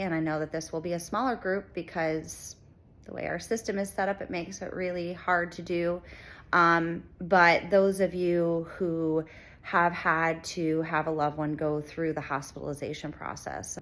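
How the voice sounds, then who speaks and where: A middle-aged woman speaking earnestly and reflectively to viewers, pausing often with ums as she shares a personal message. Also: low voice, fairly bright tone. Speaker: channel host. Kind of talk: personal heartfelt talk to viewers.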